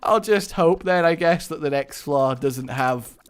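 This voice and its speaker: Goofy gamer guy talking over his game, kinda high voice, rambles and yells a lot. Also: smooth. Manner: rambling, playful, quick to shout. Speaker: gaming commentator. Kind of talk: playing a game with commentary.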